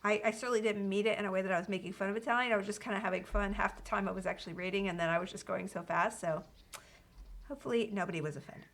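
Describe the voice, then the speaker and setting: A woman's voice: medium pitch, steady tone, very fast, a bit bright. A woman streaming a video game, chatting casually with viewers and reading game dialogue aloud. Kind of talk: casual live-stream chat.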